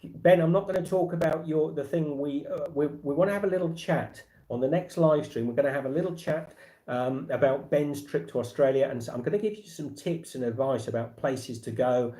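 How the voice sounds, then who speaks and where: A man's voice: on the high side, a little fast, warm tone. A man with an English accent hosting a casual livestream chat, rambling with lots of fillers and restarts. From England. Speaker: livestream host.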